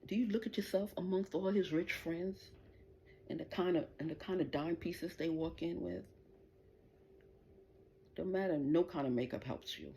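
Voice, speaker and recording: A woman's voice: fairly low pitch, normal speed, pauses often, mellow, a little hiss or hum. A middle-aged woman hosting a livestream, delivering an angry, profane, taunting rant straight at the people she is addressing. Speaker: livestream host.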